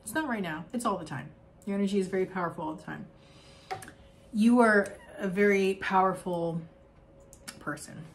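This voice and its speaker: Young woman, mid-pitched, doing a spiritual card reading; gushing, rambling, laughs a lot. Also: moderate pace, pauses often, slight background noise. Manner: effusive, rambling, with frequent laughs and fillers. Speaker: oracle card reader.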